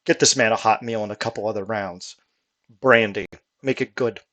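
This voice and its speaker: A man's voice: on the low side, normal speed, sharp tone. A man voicing a polite, coaxing male fey character in a tabletop game.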